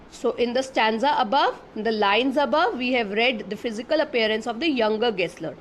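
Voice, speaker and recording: A woman's voice: fairly high pitch, animated, slight background noise, rough recording. A woman English teacher giving an online class from home, reading a story aloud and patiently explaining words to the children. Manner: slow, patient explaining, often asks the children questions.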